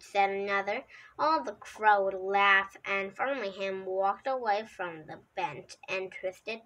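Reading a children's picture book in a medium-pitched, slightly bright voice, she keeps a slow, easy pace but sometimes trips and begins again. It's a rough recording.

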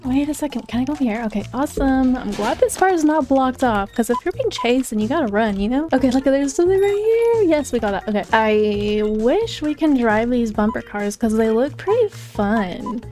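Excitable young woman gaming host. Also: high-pitched, a little fast, hardly any pauses, faint music behind. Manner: excitable, gasping and giggling, talking quietly. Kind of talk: casual gameplay commentary.

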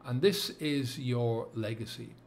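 A middle-aged man with a Dublin accent, talking to camera as a sobriety coach, earnest and halting with many fillers and restarts. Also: mid-range voice, creaky, a little hiss or hum. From England and Ireland. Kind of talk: reflective monologue to camera.

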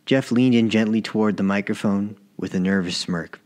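A man narrating his own short story as an audiobook, in a measured, even reading. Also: lowish voice. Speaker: author and narrator.

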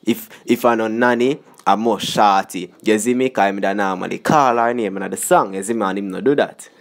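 A man's voice: fairly low pitch, fairly quick. A young man with a Jamaican accent, talking casually through song lyrics for his vlog and repeating "you see me" constantly. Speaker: vlogger.

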